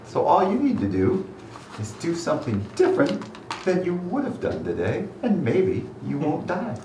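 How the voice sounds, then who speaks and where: A man's voice: a little high, huge pitch swings, normal speed, background noise, pitched above the performer's own voice. A man voicing a playful male trickster god who gives teasing, casual advice. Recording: echoey room, mic at a distance.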